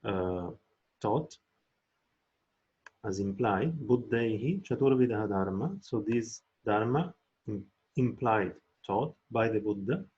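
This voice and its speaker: A man lecturing on Buddhist philosophy, explaining slowly and carefully and chanting verse in a raised voice. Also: fairly low pitch, animated, a little mellow, breathy edge, lo-fi sound. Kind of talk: academic lecture.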